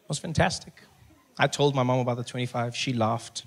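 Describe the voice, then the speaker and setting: A stand-up comedian telling a story in a punchy, deadpan way. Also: male voice, mid-range voice, a little fast. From South Africa.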